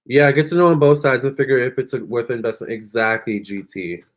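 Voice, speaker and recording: A man's voice: medium pitch, steady tone, brisk. A man doing a tarot reading on a live stream, answering viewer comments in a chatty, sassy way and calling them honey and girl. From Virginia. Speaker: tarot reader.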